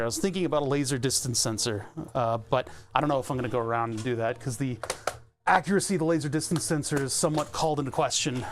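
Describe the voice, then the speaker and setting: A man's voice: mid-range voice, background noise. A man casually rambling and joking on a stream from his home workbench, sardonic and full of restarts. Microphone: desk webcam setup.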